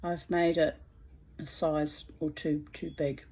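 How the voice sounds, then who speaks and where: A woman's voice: deep voice, level tone, slow pace, warm tone, breathy edge. A middle-aged woman talking casually to her phone camera at home, chatty and theatrical, rambling with fillers and playful asides. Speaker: vlogger. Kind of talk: casual spoken vlog.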